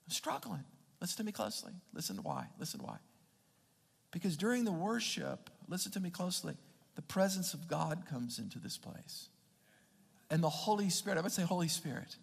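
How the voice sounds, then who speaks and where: A man's voice: sits high, gravelly, a bit bright, in a large hall. A man preaching as a pastor, emphatic, often repeating words and restarting his phrases. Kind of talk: sermon.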